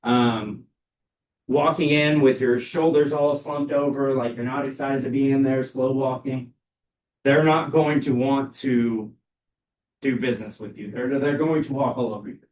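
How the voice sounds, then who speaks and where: Loud, emphatic male sales trainer. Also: mid-range voice, measured pace. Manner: loud, energetic, emphatic delivery. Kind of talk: live sales training talk. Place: training room with an audience. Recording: echoey room, mic far off.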